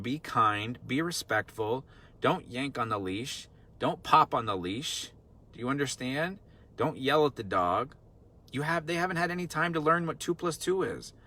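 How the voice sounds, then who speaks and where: A man's voice: mid-range voice, pushed and bright, slightly rough. A man working as a dog trainer, explaining in a casual teaching talk, earnest and repetitive, full of rhetorical questions. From Vermont.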